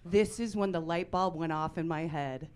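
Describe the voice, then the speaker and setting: A woman in her forties performing a stand-up comedy set on a club stage, with a deadpan, punchy delivery and sudden loud bursts. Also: on the low side, normal speed.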